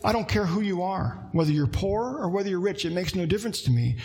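A man preaching a sermon as a pastor, with animated delivery that climbs into emphatic bursts and asides to the congregation. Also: high-pitched, fast.

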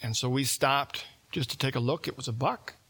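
A man's voice: mid-range voice, moderate pace, a bit bright, slightly rough. Guy preaching, chatty storytelling sermon, does little voices for the people in the story. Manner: conversational, acts out quoted voices.

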